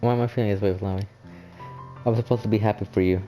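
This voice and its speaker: A man reading lines for an anxious, gentle teenage girl in a visual novel game, in a soft, hesitant way. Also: on the low side, steady tone, very fast, soft background music, close to an everyday voice. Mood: distressed.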